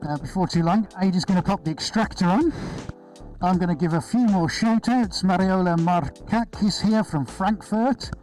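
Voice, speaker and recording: A man's voice: fairly high pitch, a little mellow, poor audio. A man hosting a live painting stream, talking in a chatty, upbeat and rambling way with many fillers. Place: indoor studio floor with extractor fan.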